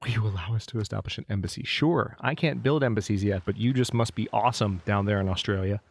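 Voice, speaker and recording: A man's voice: fairly low pitch, fast. A man casually commentating his own strategy game, thinking aloud and talking to the units on screen. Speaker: let's play host.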